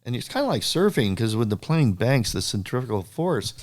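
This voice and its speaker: In a casual interview, an older surfboard shaper recounts stories animatedly at a fairly quick clip in a mid-range voice. He voices other people's lines himself, getting louder as he does.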